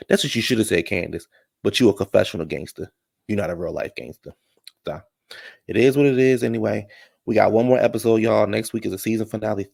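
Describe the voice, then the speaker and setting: A man's voice: fairly low pitch, a little fast, vocal fry, darkish tone, dry recording, clean studio sound. A man recapping a reality show in casual, blunt, profane commentary.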